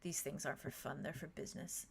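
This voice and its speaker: A woman voicing a gentle, reserved young man from a fantasy role-play, speaking softly and curtly. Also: low voice, fairly even intonation, fast, gravelly, husky, pitched below the performer's own voice, heavily acted. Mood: dismissive. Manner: soft, dry and curt.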